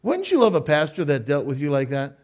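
A man preaching a sermon to a congregation in church, animated, repeating his words and tossing in joking asides. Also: on the high side, a little fast. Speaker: pastor.

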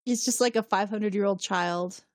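A woman's voice: medium pitch, a little fast, no room sound, clean studio sound. A woman co-hosting a podcast who recaps a TV episode in a casual way. She laughs a lot and swears freely. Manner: animated, laughs often, profane. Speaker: podcast co-host.

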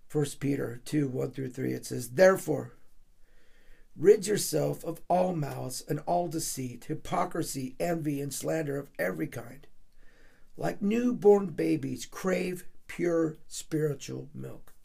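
Man, pastor, gravelly husky voice, somewhat high, heartfelt sermon. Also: measured pace, mellow. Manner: heartfelt, gets emotional telling a personal story.

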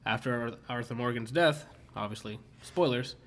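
A man's voice: medium pitch, moderate pace, a bit bright. Rambling, swearing young streamer man. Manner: rambling, swears a lot, many fillers. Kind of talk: casual chat.

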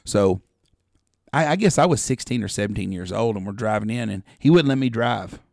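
A man's voice: lowish voice, animated, a little fast, gravelly, darkish tone, no room sound, clean studio sound. A middle-aged man, telling rambling, profane hunting stories as a podcast co-host. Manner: rambling, profane storyteller who acts out quotes. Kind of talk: casual storytelling chat.

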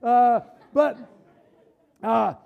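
High-voiced preacher, fervent. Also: male voice, creaky, dull audio. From Southern United States. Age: 40s. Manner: fervent, halting restarts, bursts of shouting. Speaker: pastor. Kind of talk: sermon.

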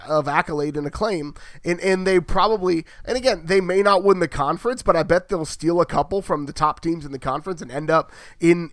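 A man's voice: a little high, fairly bright tone, no room sound. A man co-hosting a sports podcast, giving blunt opinions and correcting himself as he goes. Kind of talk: casual sports chat.

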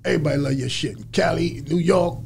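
A man as an interview guest, telling a story in a lively way and acting out other people's lines. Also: a little high, fast talker, creaky, slight background noise. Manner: animated storyteller acting out quotes.

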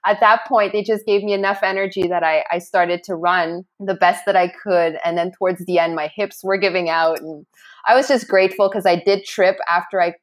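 A woman's voice: fairly low pitch, fairly even intonation, fairly quick. A middle-aged woman, a guest in an interview, telling a story animatedly and often restarting her sentences. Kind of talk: casual interview talk.

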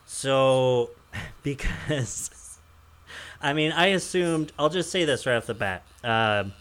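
A man's voice: mid-range voice, expressive, takes it slowly, a bit bright. Male podcast host, conversational, rambling storyteller, laughs often. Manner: rambling storytelling with frequent chuckles. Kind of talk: casual podcast chat.

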